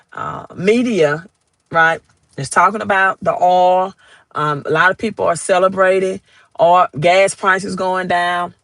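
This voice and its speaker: A man's voice: sits high, bright, forceful tone, no room sound, rough recording. A man with a Southern US accent giving casual finance commentary, rambling and often checking in with "right?".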